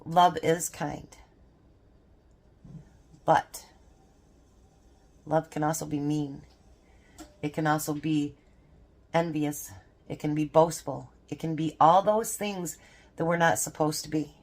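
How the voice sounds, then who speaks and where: A woman's voice: deep voice, fairly even intonation, measured pace, long pauses. An older woman, a grandmother and homestead vlogger, chatting casually and rambling about faith and family, laughing often. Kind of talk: casual devotional chat.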